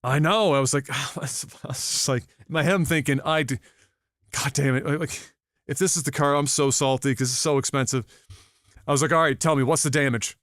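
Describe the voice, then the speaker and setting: Telling a story on a podcast he co-hosts, a man gets animated and profane, acting out how he reacted. He speaks briskly at medium pitch, and the recording is studio quality without echo.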